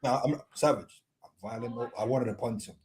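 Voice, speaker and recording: A man's voice: mid-range voice, normal speed, crowd noise. A man co-hosting a casual football chat, telling stories playfully with slang and acting out quotes. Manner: playful storyteller, acts out quotes. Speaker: co-host.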